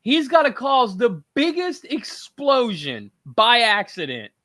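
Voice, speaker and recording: A man's voice: very high voice, big pitch swings, takes it slowly, pushed and bright, dry recording, clean studio sound. A man hosting a casual panel chat, talking in emphatic, rambling rants. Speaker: podcast host.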